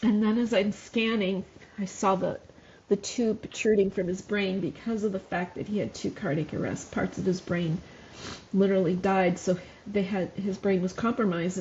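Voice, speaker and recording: A woman's voice: mid-range voice, darkish tone, dull audio, slight background noise. A middle-aged woman, a former nurse, telling her story on a podcast in an earnest way, laughing often as she speaks. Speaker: podcast guest, mother of a wounded soldier. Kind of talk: emotional podcast conversation.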